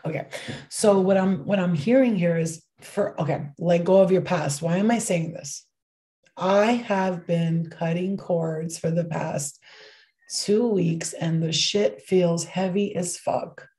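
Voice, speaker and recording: A woman's voice: fairly low pitch, takes it slowly, warm tone. A woman giving a casual livestream tarot reading, chatty and rambling, swearing casually as she goes. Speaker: tarot card reader.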